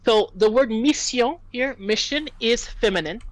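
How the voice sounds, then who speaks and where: A woman's voice: a little high, measured pace, rough recording. A woman tutoring French in a casual lesson, patiently explaining and spelling out words.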